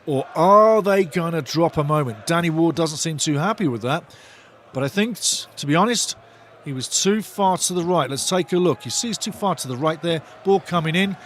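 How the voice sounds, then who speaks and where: Guy hosting a footy watch-along, bit high voice, gets fired up and partisan, chats to viewers. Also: normal speed, a little hiss or hum. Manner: partisan, excitable, talks to chat viewers. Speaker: host of a live match watch-along. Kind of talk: live football watch-along commentary.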